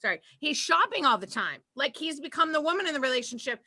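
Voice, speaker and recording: A woman's voice: high-pitched, big pitch swings, fast talker, bright, forceful tone. A woman with a Boston accent doing a stand-up set over a video call, brash and self-mocking. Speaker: comedian.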